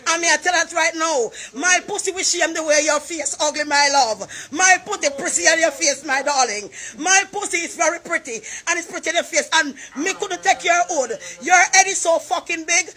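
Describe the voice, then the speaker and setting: A Jamaican woman in her forties, loudly cursing and taunting someone in a heated argument. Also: very high voice, moderate pace, few pauses. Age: 40s.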